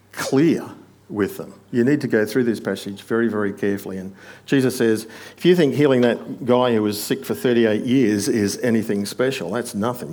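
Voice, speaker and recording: A man preaching a sermon, explaining a passage point by point and often dropping to a quiet aside. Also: on the low side.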